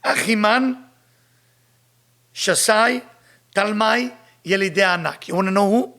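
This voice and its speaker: Emphatic teacher, man, gravelly. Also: high voice, fairly quick, sharp tone. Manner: emphatic, repeats rhetorical questions. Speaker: Kabbalah teacher. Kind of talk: spiritual lecture reading and translating Hebrew text.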